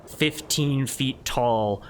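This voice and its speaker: A man's voice: mid-range voice, very slow, slight background noise. A man narrating a tabletop game as game master, rambling with many fillers.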